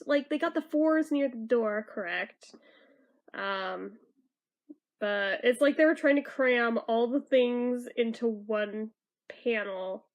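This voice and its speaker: A young woman casually reading a comic aloud as a fan, with animated reactions, swearing and laughing asides, and reading the characters' lines in a loose, plain voice. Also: a little high. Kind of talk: casual comic read-through.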